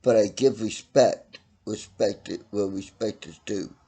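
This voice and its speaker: A middle-aged man ranting his opinions bluntly and profanely, swinging from loud outbursts to low mutters. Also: steady tone, a little slow, husky. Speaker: vlogger ranting to camera.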